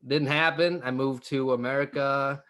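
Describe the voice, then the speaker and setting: A man's voice: medium pitch, steady tone, normal speed, fairly bright tone. A young man from Vietnam, a comedian in a casual interview over a video call, joking and laughing with many fillers and restarts. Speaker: stand-up comedian guest.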